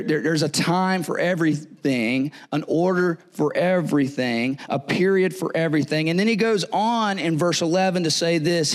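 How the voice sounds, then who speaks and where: A man preaching a sermon in a conversational, joking way, often repeating words and checking in with "right?". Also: a little high. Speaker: pastor.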